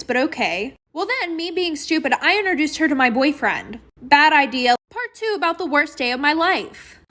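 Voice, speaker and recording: A young woman tells a personal story in a chatty, dramatic way. Her voice sits high, and she adds sarcastic asides. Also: fairly bright tone. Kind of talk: storytime narration.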